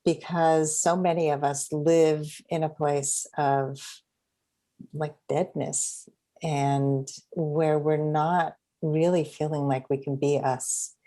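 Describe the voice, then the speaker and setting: A woman's voice: low-pitched, little pitch movement, takes it slowly, mellow. A middle-aged woman hosting a podcast, reflecting and sharing her own experience in a casual interview. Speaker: podcast host.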